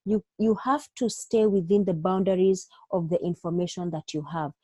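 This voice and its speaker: Mellow-voiced woman tutoring doctors. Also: fairly low pitch, normal speed, no echo. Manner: instructive, checks in with frequent "okay?"; acts out doctor and patient lines in her own voice. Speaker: medical exam tutor. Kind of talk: online exam-prep lecture.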